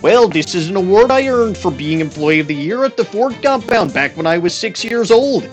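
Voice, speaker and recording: A man's voice: high-pitched, animated, normal speed, faint music behind. A man putting on a hammy Canadian voice. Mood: hammy folksy. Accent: put-on Canadian. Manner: tacks "there, eh?" onto every sentence. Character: folksy exaggerated Canadian man, stubborn braggart. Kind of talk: comic game-stream voice.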